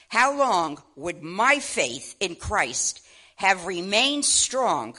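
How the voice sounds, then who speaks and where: An older woman preaching a sermon, impassioned, swinging between loud exclamations and low asides. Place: church.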